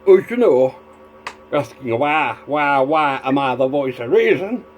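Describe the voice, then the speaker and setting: A man's voice: expressive, measured pace, faint music behind, close to an everyday voice. A man doing a mocking impression of a pompous, self-promoting male online broadcaster who keeps asking for money. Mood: grandiose. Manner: booming showman announcing, begging for money.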